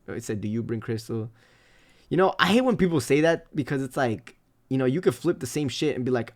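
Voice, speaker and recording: A man live-streaming, reading chat comments aloud and reacting in a loose, animated way with plenty of swearing. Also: medium pitch, a little fast.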